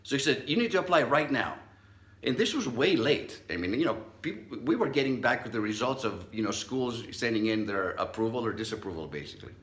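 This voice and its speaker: A man's voice: medium pitch, expressive, a little fast, hardly any pauses, fairly bright tone, echoey room. A middle-aged man, a psychologist, giving a motivational talk and telling a personal story, acting out the voices he quotes. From Southern California. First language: not English.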